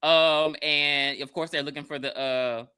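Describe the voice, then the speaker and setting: A woman's voice: low voice, steady tone, unhurried, bright, forceful tone, smooth. A woman co-hosting a podcast, recapping a movie in casual chat with wry asides and laughs. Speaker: podcast co-host.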